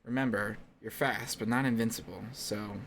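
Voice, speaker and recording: A man voicing a sarcastic, wry mother in a tabletop game, speaking dryly and softly. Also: lowish voice, steady tone, moderate pace, a little hiss or hum. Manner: dry, sarcastic, soft-spoken.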